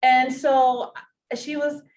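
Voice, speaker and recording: A woman with a non-native English accent telling a personal story in a talk, animated and emotional. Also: high voice, drawn-out words. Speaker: social work presenter. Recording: distant mic, faint hiss.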